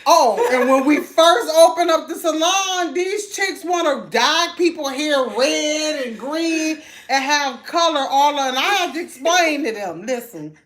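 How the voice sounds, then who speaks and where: Laughing, high-voiced middle-aged woman telling stories. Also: unhurried, few pauses, slight background noise. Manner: animated, laughing storyteller who acts out quotes. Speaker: mother of the host, salon co-owner. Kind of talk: casual storytelling chat.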